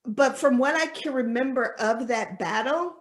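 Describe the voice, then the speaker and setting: A woman's voice: high-pitched, normal speed. A young woman co-hosting a casual podcast, chatty and thoughtful, with many fillers. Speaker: co-host.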